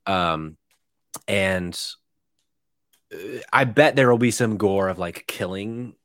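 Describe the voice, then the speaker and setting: A man's voice: low voice, slow, fairly bright tone, no room sound, studio quality. A young man co-hosting a podcast, telling a rambling, sweary anecdote full of fillers and restarts. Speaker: podcast co-host. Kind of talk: casual storytelling chat.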